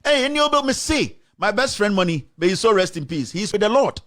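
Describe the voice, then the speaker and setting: Ghanaian guy, fairly high voice, fired-up political rant, keeps throwing questions, mixes languages. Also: very animated, a little fast, fairly bright tone. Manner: fiery, rhetorical questions, code-switching. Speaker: political commentator.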